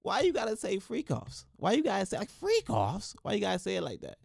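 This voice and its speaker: A man voicing a high, gossiping figure who drags out juicy words with exaggerated, mocking emphasis. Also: big pitch swings, very fast, creaky, no echo, studio quality, heavily acted. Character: shrill gossiping man, scandal-hungry.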